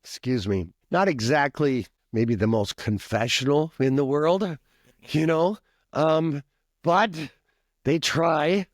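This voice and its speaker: Speaking slowly in a slightly high voice, a man recounts a long personal story in a loose, conversational style, breaking for asides and coughing frequently. He's a Minnesota pastor and professor appearing on a podcast. The studio-quality recording has no room sound.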